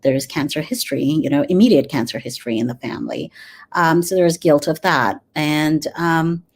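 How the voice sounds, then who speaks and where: A woman in her forties, a dentist and grief coach, talking earnestly in an interview with many pauses and fillers. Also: sits low. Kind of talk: conversational interview.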